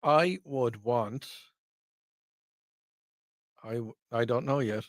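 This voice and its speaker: A man's voice: medium pitch, slow, no echo, studio quality. A man in his forties co-hosting a podcast, joking around and rambling while he gropes for names. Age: 40s. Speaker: podcast co-host. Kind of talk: casual pop-culture chat. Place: studio.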